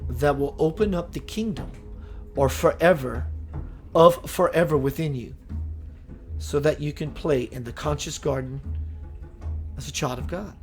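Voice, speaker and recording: Higher-voiced man hosting a spiritual livestream. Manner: reads viewer comments, switches into slow preachy delivery. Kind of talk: live-streamed spiritual talk.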